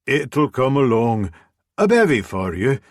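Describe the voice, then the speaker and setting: A man's voice: mid-range voice, sing-song, unhurried, no echo, studio quality, pitched above the performer's own voice. A man voicing an older Scottish woman who runs a pub, friendly and chatty, with a Scottish accent.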